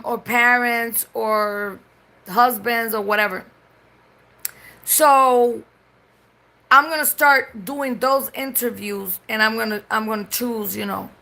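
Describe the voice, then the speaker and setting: A woman's voice: on the high side, vocal fry, bright, forceful tone. A Puerto Rican woman chatting casually on a live stream. She swears freely and switches between English and Spanish mid-sentence. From Puerto Rico.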